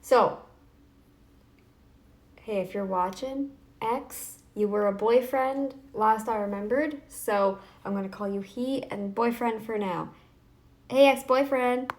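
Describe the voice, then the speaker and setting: A snarky woman vlogger talking straight to camera, her voice sitting a little on the high side. She rambles through restarts and fillers in a loose, taunting, casual way. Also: takes it slowly. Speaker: YouTube vlogger. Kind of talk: casual talking-head vlog.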